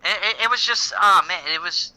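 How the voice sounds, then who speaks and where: A man's voice: high voice, brisk, sharp tone, smooth, no echo, poor audio. A man co-hosting a podcast in casual chat, retelling scenes with lots of swearing and put-on voices. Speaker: podcast co-host.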